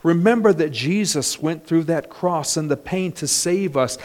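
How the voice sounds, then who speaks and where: A man preaching a sermon in a church, his voice set a little higher than most men's. His delivery is animated and storytelling, and it rises into loud, emphatic bursts. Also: unhurried, hardly any pauses. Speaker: pastor.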